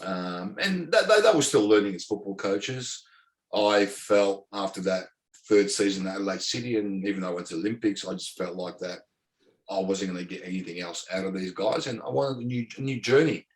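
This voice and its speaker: Brief: middle-aged Australian ex-footballer, low-ish voice, rambling anecdotes full of fillers. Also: male voice, expressive, brisk. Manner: rambling, repeats words, many fillers. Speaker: former professional footballer, guest. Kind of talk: casual interview storytelling.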